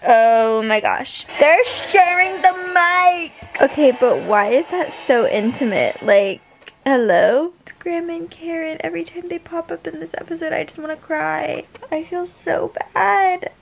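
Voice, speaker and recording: A woman's voice: sits high, normal speed, vocal fry, few pauses, darkish tone, a little hiss or hum, rough recording. A young woman vlogger reacting emotionally to a TV finale, gasping and exclaiming at the screen.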